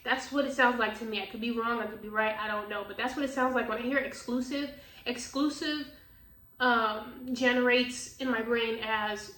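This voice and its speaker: A tarot reader with a slightly high, pushed, bright voice keeps a steady tone at normal speed. She's casual and blunt, profane, and quick to laugh. The recording has room echo, a distant mic, and faint noise.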